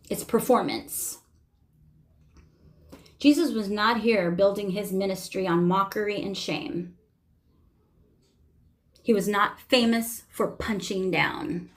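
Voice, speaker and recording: A woman's voice: mid-range voice, takes it slowly, long pauses. A woman vlogger giving impassioned spoken commentary, emphatic and driving points home with sermon-like repetition.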